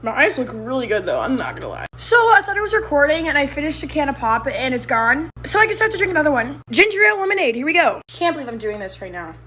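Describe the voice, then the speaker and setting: Giggly young woman with a lively voice. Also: sits high, fast talker, a little hiss or hum. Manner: giggly, chatty, self-mocking. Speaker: social media creator. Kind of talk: casual vlog to camera.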